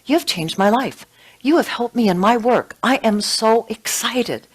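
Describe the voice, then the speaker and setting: A woman's voice: fairly high pitch, animated, measured pace, husky, pitched above the performer's own voice. A woman voicing an earnest young male executive who gushes heartfelt thanks while she tells a story in a sermon. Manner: heartfelt, gushing praise.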